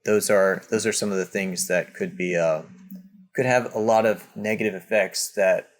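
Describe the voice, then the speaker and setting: Low-voiced man explaining parenting. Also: moderate pace. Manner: explanatory, many restarts, acts out example dialogue. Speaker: parenting guest. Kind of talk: conversational interview.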